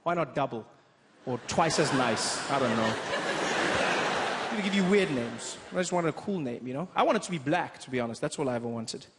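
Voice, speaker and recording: A man in his thirties with a South African accent, doing a playful stand-up set on a theater stage. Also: medium pitch. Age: 30s. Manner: animated, quick, playful storytelling. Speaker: stand-up comedian. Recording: echoey theater with crowd noise.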